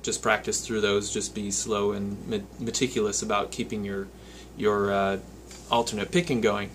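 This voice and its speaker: Patiently, step by step, a guitar teacher walks through the lesson, counting picking strokes out loud while he plays. He speaks at a normal speed in a fairly low, level voice, over slight background noise and the loud sound of his own guitar.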